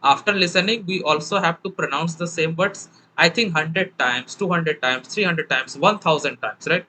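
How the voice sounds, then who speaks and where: Bright-voiced Indian English teacher. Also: male voice, on the high side, moderate pace, a little hiss or hum, poor audio. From Bengal, India. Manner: explains with many "right?" tag questions. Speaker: English teacher and channel host. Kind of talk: casual conversational interview.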